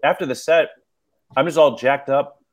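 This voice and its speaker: A male comedian rambles through a casual podcast chat, hedging with fillers and breaking into laughs. His voice sits at an ordinary middle pitch. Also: moderate pace. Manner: rambling, hesitant, laughs often.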